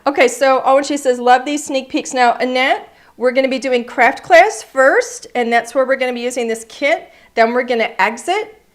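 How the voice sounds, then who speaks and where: Hosting a live-streamed card-making class under an overhead camera setup, a woman speaks at a moderate pace in a high voice. She's chatty and upbeat, greeting viewers by name while she demonstrates.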